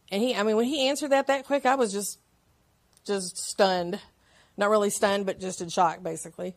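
A woman giving a Sunday school lesson, talking informally with personal stories and reading scripture slowly. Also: a little high, animated. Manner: chatty, with personal stories and frequent laughs; reads scripture slowly and deliberately.

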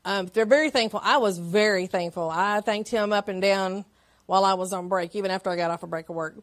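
Woman teaching a chatty Sunday school lesson. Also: mid-range voice. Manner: chatty, with personal stories and frequent laughs; reads scripture slowly and deliberately. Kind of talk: informal church teaching with scripture reading.

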